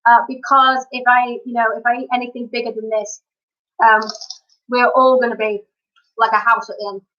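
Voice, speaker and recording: A woman hosting a live stream, chatting to viewers in an upbeat way with quick asides. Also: fairly high pitch, little pitch movement, bright, forceful tone. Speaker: live-stream singer and entertainer. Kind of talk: casual live-stream chat. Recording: dull lo-fi stream audio.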